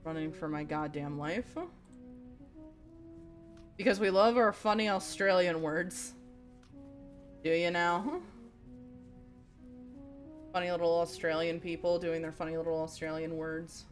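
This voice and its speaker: A fairly low-pitched woman streamer talks casually while she plays, cursing freely and blurting out reactions to the game. Faint game music runs underneath her voice. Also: fairly even intonation, a little slow, long pauses. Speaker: livestreamer. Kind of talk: casual game livestream, reading chat.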